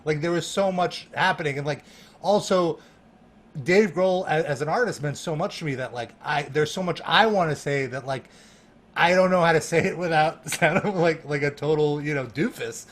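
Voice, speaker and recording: A man guesting on a podcast, telling an animated story with laughter and lots of "like" fillers. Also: a little high, normal speed. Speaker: guest, music journalist.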